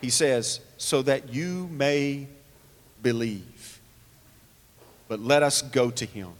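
A man's voice: mid-range voice, takes it slowly, in a large hall. A man preaching a sermon, earnest, asking rhetorical questions and reading scripture aloud. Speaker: pastor.

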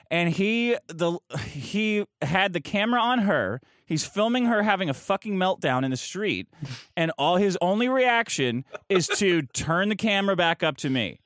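A man's voice: high voice, big pitch swings, moderate pace, fairly bright tone, no echo. A man telling a profane, mocking story as a podcast guest, close to the mic.

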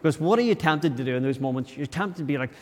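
Guy preaching in church, earnest and chatty, keeps restarting, kinda high voice, echoey hall. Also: lively intonation, fast talker. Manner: earnest and conversational, with many restarts. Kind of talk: sermon. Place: church during a service.

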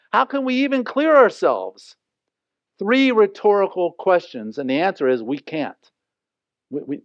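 A man's voice: fairly high pitch, no room sound, highs cut off. A man preaching a sermon in a conversational way, explaining scripture and acting out the quoted lines. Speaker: pastor.

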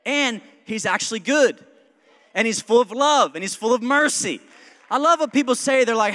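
A man with a high voice preaches in a church sanctuary. His words trail off into a long reverb. He keeps it conversational and jokey, quick with asides and chuckles. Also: fairly bright tone. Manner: conversational, joking, self-described smart aleck. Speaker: pastor. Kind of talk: sermon.

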